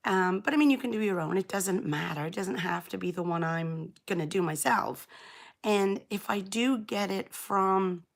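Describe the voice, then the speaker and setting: A middle-aged woman from England, hoarse and croaky after an illness, chatting casually and rambling as she hosts a live knitting stream and greets viewers by name. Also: mid-range voice. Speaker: knitting channel host.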